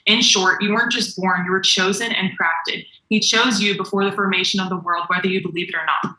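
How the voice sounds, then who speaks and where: A woman giving an earnest, preachy faith-based motivational talk. Her voice is bright and forceful. She was recorded in an echoey room. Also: mid-range voice, steady tone, a little fast. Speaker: motivational speaker.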